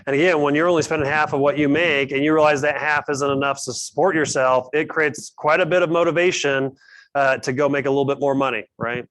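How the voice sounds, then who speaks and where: A man's voice: a little high, fairly even intonation, a little fast, fairly bright tone, no echo. A man hosting a casual team meeting on budgeting, calling on people by name. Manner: upbeat, calls on people by name. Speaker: host of a team finance meeting. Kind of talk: casual group discussion.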